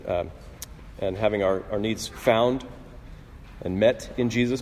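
A man preaching a sermon in an earnest, conversational way, often clearing his throat and restarting phrases. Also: mid-range voice, a little mellow, a little hiss or hum. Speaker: pastor. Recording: husky voice in a long-reverb hall.

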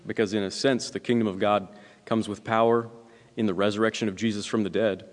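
A pastor preaching a conversational sermon, often asking "right?" and pausing with filler words. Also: male voice, on the low side, level tone. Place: church sanctuary. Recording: long hall reverb.

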